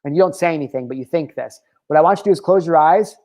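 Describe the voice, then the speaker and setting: A man's voice: fairly high pitch, rapid-fire, a little mellow. Candid, profane man in his thirties. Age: 30s. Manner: candid and profane, tangent-prone, with filler words. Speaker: host. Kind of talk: casual motivational talk.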